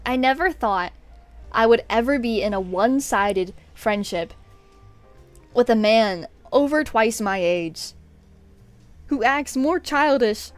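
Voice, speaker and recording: Animated young woman telling a work story. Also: fairly high pitch, no room sound. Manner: animated, exasperated, laughs often. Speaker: streamer. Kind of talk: casual storytelling. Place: home streaming room. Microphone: desk USB microphone.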